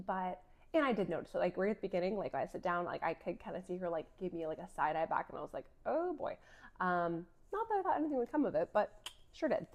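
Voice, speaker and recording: A woman in her thirties telling a personal faith story in a casual, chatty way, with lots of filler words and frequent laughter. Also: medium pitch. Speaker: vlogger sharing a faith story.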